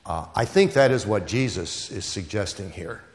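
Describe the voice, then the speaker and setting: A man's voice: lowish voice, animated, normal speed, in a large hall. A man preaching a sermon, telling stories and hammering home repeated phrases. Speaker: pastor.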